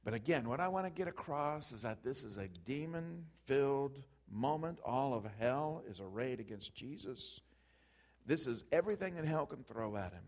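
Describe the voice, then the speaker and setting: A man's voice: mid-range voice, expressive, normal speed. Impassioned male preacher. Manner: impassioned, builds from hushed to loud emphatic peaks. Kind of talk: sermon.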